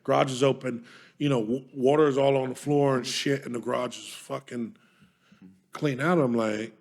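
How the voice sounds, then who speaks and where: Guy on a podcast, gravelly voice, swears a lot, punchy storytelling. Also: medium pitch, steady tone, normal speed, a little mellow. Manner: profane, storytelling, emphatic. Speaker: podcast co-host. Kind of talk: casual chat.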